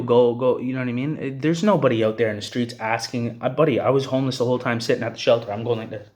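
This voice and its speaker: A man's voice: medium pitch, fast, hardly any pauses, darkish tone. An angry young man from Canada, ranting bluntly and profanely to the camera and tossing in "bro" and "you know what I'm saying". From Hamilton, Ontario, Canada. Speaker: vlogger. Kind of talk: angry personal rant to camera.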